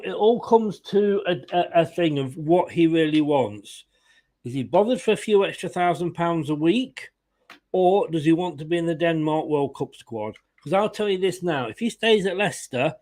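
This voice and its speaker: A man hosting a casual fan live stream, chatting, laughing and greeting viewers in the chat. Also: fairly high pitch. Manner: chatty, laughs often, reads viewer comments aloud. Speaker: fan channel host.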